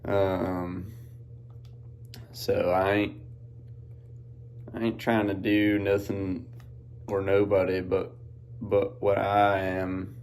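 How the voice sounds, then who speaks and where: A man with a drawl hosts a podcast, his voice sitting a little low. He rambles along in an easygoing, unhurried way. His talk is loose and folksy, full of country slang. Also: flat delivery, darkish tone, slight background noise. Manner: laid-back rambling with Southern-style slang. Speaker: podcast host. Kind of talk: casual monologue. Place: outdoors in farm fields.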